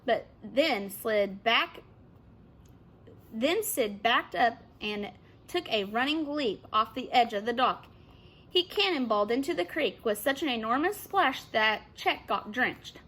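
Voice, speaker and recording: A woman teacher reading a children's novel aloud with expressive narration. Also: fairly high pitch, a little slow.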